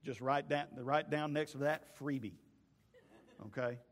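A man's voice: mid-range voice, unhurried, big-room sound. A man preaching a sermon, dramatically retelling a story and acting out the people in it. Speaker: pastor.

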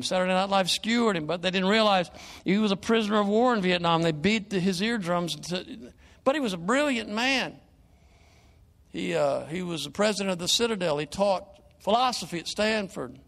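Older male evangelist with a slightly raised pitch. Earnest sermon delivery with a long hall reverb. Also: vocal fry. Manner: earnest preaching, swings from hushed prayer to animated storytelling. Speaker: guest evangelist. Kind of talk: sermon and prayer. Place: church sanctuary.

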